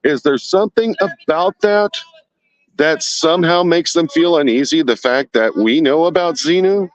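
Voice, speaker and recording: A man's voice: a little high, normal speed, rough recording. A man live-streaming outdoors at night from a handheld phone, sweating as he reads chat and fires off indignant rhetorical questions.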